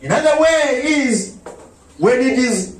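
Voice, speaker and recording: A man preaching a sermon as a pastor, breaking into shouts and mocking impressions of others. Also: very high-pitched, expressive, takes it slowly. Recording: echoey room, mic at a distance.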